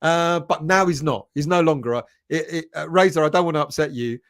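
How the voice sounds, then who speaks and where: A man's voice: on the high side, a little fast, a bit bright. A man hosting a football fan live stream, casually chatting, reading viewer comments aloud and greeting them by name with a chuckle. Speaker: football fan channel host.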